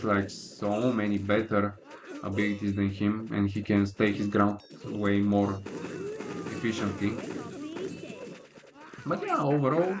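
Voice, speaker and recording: Male gaming streamer, low-pitched, relaxed and chatty, clear crowd noise behind. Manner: laid-back, opinionated, many "like" and "I mean" fillers. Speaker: gaming livestreamer. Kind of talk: casual livestream commentary while playing.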